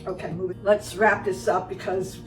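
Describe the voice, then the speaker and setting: A woman's voice: mid-range voice, level tone, normal speed. Sarcastic woman vlogger in a roomy space. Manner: sarcastic and scolding, repeats words. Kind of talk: casual commentary. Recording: roomy sound, distant mic, faint music.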